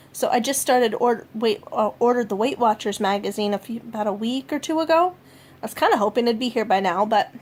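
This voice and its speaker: A woman rambling casually through a home food diary vlog, often pausing with fillers and correcting herself. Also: a little high. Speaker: vlogger.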